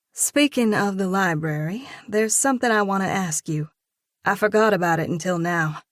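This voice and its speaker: A woman narrating a first-person audiobook in a steady, measured reading voice. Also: lowish voice, dry recording, clean studio sound.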